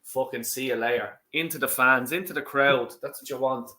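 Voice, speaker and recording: Excitable Irish man with a bright voice. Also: medium pitch, normal speed. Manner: excitable, swears loudly at the match. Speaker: watch-along host. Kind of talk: casual football watch-along chat.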